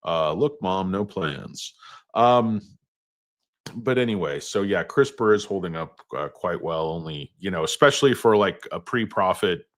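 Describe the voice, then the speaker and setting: A man with a very low voice hosts a loose market livestream, drifting from one subject to the next and tossing in crude asides. His talk is unplanned and chatty, full of fillers and restarts. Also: expressive, unhurried. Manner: rambling, jumps between topics, crude jokes. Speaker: stock market show host. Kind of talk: casual livestream chat.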